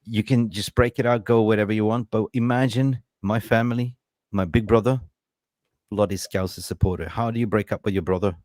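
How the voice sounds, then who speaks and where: A man hosting a casual football fan podcast, an animated storyteller who laughs often. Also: lowish voice, a little fast, dry recording. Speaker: podcast host.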